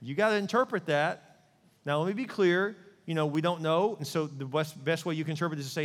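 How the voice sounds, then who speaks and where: A male pastor preaching a sermon in a lively way, often putting questions to his listeners. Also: a little high, fast talker, big-room sound. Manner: animated preaching, asks the crowd questions.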